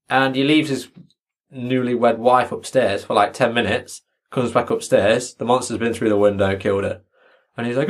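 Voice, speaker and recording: A man's voice: mid-range voice, normal speed. Sweary sarcastic man. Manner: sweary, sarcastic, mocking retelling. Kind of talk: casual book chat.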